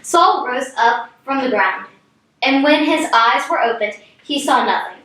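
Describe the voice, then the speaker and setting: A young woman reads scripture verses aloud in a plain way and trips on names. Her voice is a little high. She sits back from the mic in a very echoey room. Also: expressive, unhurried, fairly bright tone, recorded from a distance. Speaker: scripture reader.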